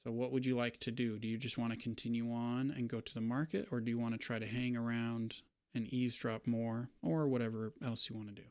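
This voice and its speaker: Relaxed man running a tabletop game. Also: mid-range voice, smooth, dry recording, clean studio sound. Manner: relaxed, with many fillers and pauses. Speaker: dungeon master.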